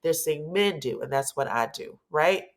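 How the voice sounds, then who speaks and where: Woman host, reality TV recap, sassy and animated, lowish voice; acts out the quotes. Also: normal speed. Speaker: commentary show host.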